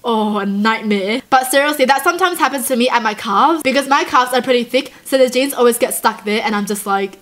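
A woman's voice: on the high side, a little fast, few pauses, fairly bright tone. A woman hosting a casual reaction video, bubbly and giggly, with playful mock outrage. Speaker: YouTube reaction host.

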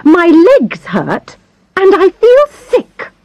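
A woman's voice: very high voice, huge pitch swings, extremely slow, a little mellow, dry recording, voice pushed up, full character voice. A woman voicing a sickly, bad-tempered older woman writer who whines, complains and scorns everyone around her. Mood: complaining. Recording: slightly dull recording.

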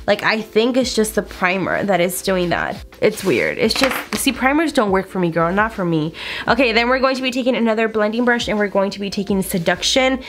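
A young woman beauty vlogger chatting through a get-ready-with-me makeup video, telling a story in a lively, animated way with lots of "like" and "girl". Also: mid-range voice, brisk, a little hiss or hum.

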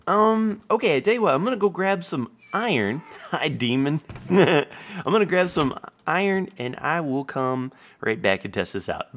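A man casually commenting on his own gameplay, chatty and quick to react aloud. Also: a little high, wildly swooping pitch, a bit bright. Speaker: host, video game player.

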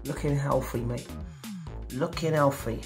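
A man's voice: mid-range voice, steady tone, measured pace, creaky, over music. A man reviewing snacks on his vlog, talking casually with slang and theatrical, exaggerated outrage. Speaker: food reviewer.

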